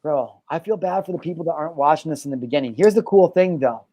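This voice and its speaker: Casting note: male podcast host, slightly high voice, joking, dry close sound. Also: expressive, fast talker, warm tone, no echo. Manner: joking, playfully mock-serious. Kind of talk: casual podcast banter.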